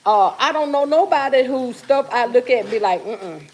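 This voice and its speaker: Casual kitchen livestream: a woman host with a somewhat high voice chats and teases viewers while she cooks. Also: moderate pace, slight background noise. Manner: chatty, teasing, reads viewer comments aloud. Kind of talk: casual chat with live viewers. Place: home kitchen while cooking.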